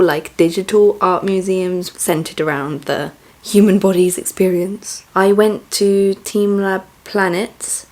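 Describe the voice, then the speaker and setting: A woman's voice: medium pitch, darkish tone. A young woman vlogger chatting casually and musing to herself as she reacts. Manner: chatty, musing, self-reflective.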